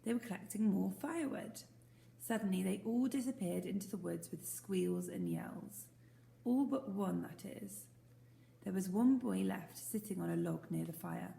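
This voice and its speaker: A woman teacher reading a storybook aloud, gentle and asking the listeners questions. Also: medium pitch, moderate pace, gravelly, a little hiss or hum. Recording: roomy echo.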